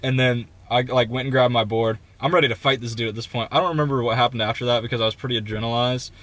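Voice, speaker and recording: A man's voice: medium pitch, fast talker. A young man co-hosting a podcast, telling a story in casual chat and acting out the people in it. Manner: animated, quotes people in raised voices. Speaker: podcast co-host.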